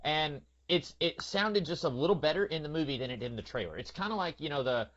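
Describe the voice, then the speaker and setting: A man's voice: a little high, lively intonation, fast talker, fairly bright tone. A man hosting a casual podcast, rambling with lots of fillers and now and then slipping into a put-on voice. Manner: rambling, many fillers, slips into character voices. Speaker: podcast host. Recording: dull lo-fi sound.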